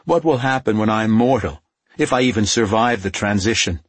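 A man reading the lines of a bitter, defiant young immortal woman in clipped, cold retorts, in a husky voice. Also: on the low side, normal speed, no echo, pitched above the performer's own voice.

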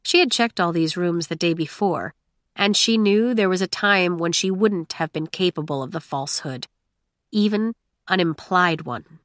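A woman narrating a story in a measured, gentle storytelling voice. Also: fairly low pitch, dry recording, clean studio sound. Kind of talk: audiobook narration.

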